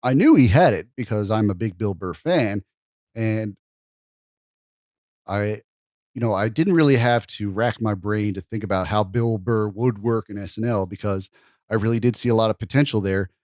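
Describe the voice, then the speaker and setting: A man on a podcast panel, speaking hesitantly with long pauses and fillers while reviewing a comedy show. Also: lowish voice, darkish tone, no echo, studio quality.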